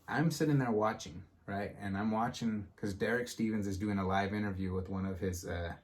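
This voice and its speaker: A man hosting a podcast, telling a story in casual chat and acting out the quotes with lively energy. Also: fairly low pitch, a little fast. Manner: animated, acts out quotes in a storytelling style. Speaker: podcast host.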